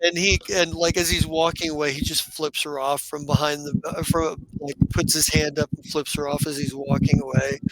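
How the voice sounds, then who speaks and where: A man narrating as game master of a tabletop game, halting with many restarts. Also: fairly high pitch, level tone, very noisy.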